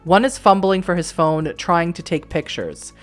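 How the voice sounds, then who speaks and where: A woman's voice: lowish voice, moderate pace, soft background music. A woman streaming a story game, reading its narration aloud and reacting with casual, wry asides. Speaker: let's play streamer.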